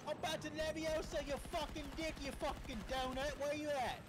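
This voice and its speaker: A man's voice: very high voice, flat delivery, fairly quick. A man playing a shooter game with his wife, furiously trash-talking and cursing at his opponents. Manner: furious, profane taunting. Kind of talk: angry trash talk during gameplay. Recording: loud game noise behind.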